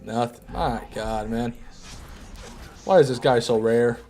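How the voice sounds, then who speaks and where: A man's voice: medium pitch, steady tone, slow, dark tone. A man streaming a video game, chatting casually with his viewers, joking and poking fun at himself. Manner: chatty, answers chat, jokey and self-deprecating. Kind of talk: casual gaming stream commentary.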